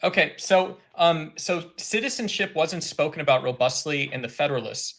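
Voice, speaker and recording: A man calling in to a live stream debate, arguing in a halting, filler-heavy, accusatory way. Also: on the high side, fairly bright tone. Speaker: caller asking a debater a question. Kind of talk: argumentative live stream call-in.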